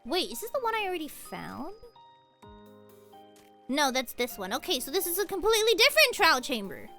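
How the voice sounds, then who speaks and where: A young woman streams a game and rambles on in a very high, bright voice. She talks casually and animatedly, breaking into squeals and laughs. Faint game music plays softly underneath. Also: big pitch swings, fairly quick. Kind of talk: casual gaming stream chat.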